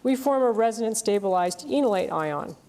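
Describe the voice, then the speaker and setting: A woman's voice: mid-range voice, lively intonation, brisk, dark tone. A woman giving a university chemistry lecture, explaining step by step and often checking in with "okay?" and "right?".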